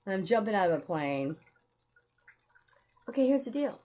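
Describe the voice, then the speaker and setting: A woman's voice: mid-range voice, big pitch swings, normal speed, mellow. A woman telling a rambling personal story to camera, blunt and profane, heated as she goes.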